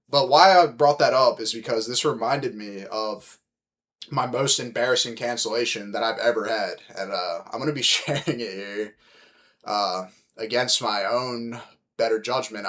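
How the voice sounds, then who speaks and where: A young man hosting a podcast, telling stories in a casual, animated, heavily profane way and calling his listeners dude. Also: mid-range voice, normal speed. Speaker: podcast host. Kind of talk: casual storytelling chat.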